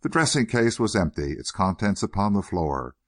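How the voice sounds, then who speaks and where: A male narrator with a low-set voice, reading a period novel as an audiobook. His delivery is measured yet lively, moving widely in pitch to shape each sentence. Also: dry recording, studio quality.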